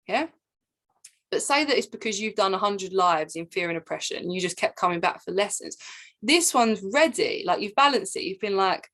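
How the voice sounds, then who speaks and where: A young woman teaching a spiritual masterclass in an animated, repetitive way, often acting out imagined voices. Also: medium pitch, fairly quick. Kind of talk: masterclass monologue.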